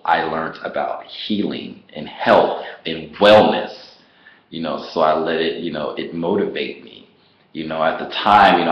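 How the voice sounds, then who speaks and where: Man, deep voice, animated personal storytelling, laughs a lot, roomy echo. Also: highs cut off. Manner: animated, laughs often, acts out his own past words. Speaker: online business vlogger.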